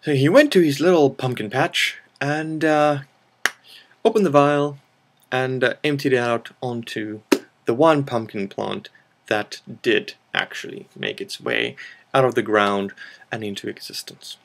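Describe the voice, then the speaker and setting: A man spins a silly improvised story as the host of a storytelling video. His voice carries a gravelly fry. He talks in a playful made-up accent that mixes several accents, and he wanders into joking asides about himself. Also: medium pitch, animated, unhurried, slight background noise. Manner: rambling, self-mocking asides.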